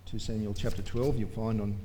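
A man's voice: lowish voice, steady tone, brisk, warm tone, a little hiss or hum. A man preaching a sermon in a church, emphatic and full of rhetorical questions to his congregation.

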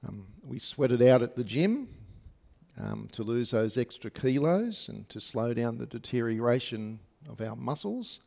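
Aussie guy preaching a sermon, gravelly, lots of ums, talks right to the congregation. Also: medium pitch, animated, unhurried, a little mellow. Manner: conversational, with frequent fillers and asides to the congregation. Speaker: pastor. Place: church service.

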